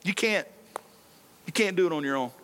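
A man's voice: fairly high pitch, animated, normal speed, a bit bright. A male pastor preaching a sermon on a microphone in a large church hall, with passionate delivery and lots of rhetorical repetition.

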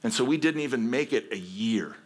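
A man's voice: medium pitch, expressive, a little fast. A man preaching a sermon as a pastor, telling his own story earnestly and then pressing his point with emphatic exhortation.

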